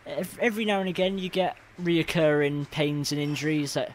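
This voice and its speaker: A man's voice: on the high side, fairly quick, a little hiss or hum. A young man from England, talking as a podcast guest in a matter-of-fact, easygoing way. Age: young adult. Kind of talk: casual interview chat.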